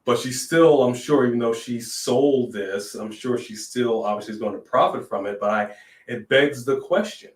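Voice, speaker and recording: A man co-hosting a casual wrestling chat, animated, riffing and joking. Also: mid-range voice, normal speed, distant mic, slight background noise. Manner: animated, sings jokingly, reads in a newscaster voice. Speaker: podcast co-host. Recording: echoey room, off-mic.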